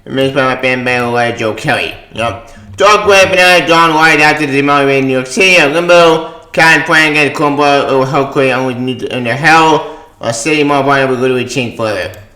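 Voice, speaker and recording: A man ranting on his own channel, swearing, shouting and exasperated. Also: mid-range voice, normal speed, reverberant, rough recording. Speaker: comic book vlogger. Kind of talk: angry rant.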